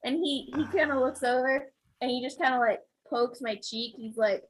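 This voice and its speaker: A woman's voice: on the high side, fairly even intonation, moderate pace, hardly any pauses, breathy edge, rough recording. A woman who works as a physical therapist, animatedly telling a story in casual chat, acting out the voices and laughing often.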